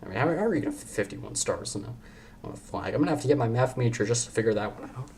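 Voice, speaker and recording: With a little hiss or hum on the recording, this young podcast host talks very fast and animatedly in a slightly mellow, medium-pitched voice. The chat is casual and jokey, and he rambles, frequently stopping himself mid-sentence.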